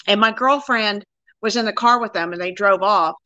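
A woman's voice: medium pitch, moderate pace, bright, forceful tone, dry recording, dull audio. A woman in her sixties, a guest plainly recounting her own experience in a casual interview.

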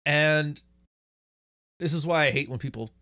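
A man's voice: a little high, a little slow, sharp tone, no room sound. Male livestream host, blunt and profane, dry close-miked sound. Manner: blunt, profane, reads out super chats. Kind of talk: casual livestream monologue.

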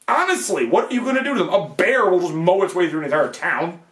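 A man's voice: high voice, sing-song, quick pace, fairly bright tone, reverberant. A man hosting his channel, talking through a casual monologue and peppering it with rhetorical questions and "okay?" asides. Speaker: video essay host. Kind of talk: casual monologue on fantasy gaming.

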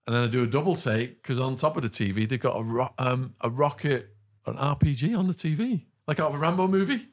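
A British man, a podcast guest, recounting a story in conversation with animated delivery, quick laughs and asides. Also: medium pitch, no echo, studio quality. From Britain.

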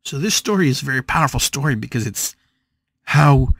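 A man's voice: medium pitch, lively intonation, a little fast, creaky, fairly bright tone, no room sound, clean studio sound. A man hosting a spiritual podcast, telling a story with emphatic, dramatic repetition. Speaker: podcast host.

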